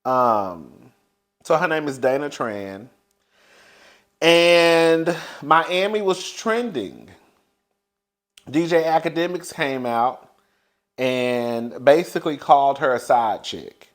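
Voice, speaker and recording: A man's voice: on the high side, slow pace, pauses often. Sassy man gossiping about celebrities. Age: older than young adult. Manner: messy, sassy, laughs often, calls listeners "girl". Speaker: gossip commentator. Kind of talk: casual celebrity gossip commentary.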